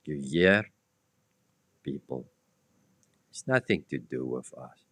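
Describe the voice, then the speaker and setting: Male preacher, very low voice, slow deliberate delivery, blunt and emphatic, quizzes his hearers, dry close sound. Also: expressive, a bit bright, breathy edge, no room sound. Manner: blunt and emphatic, addresses listeners directly with rhetorical questions. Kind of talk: expository Bible-teaching sermon.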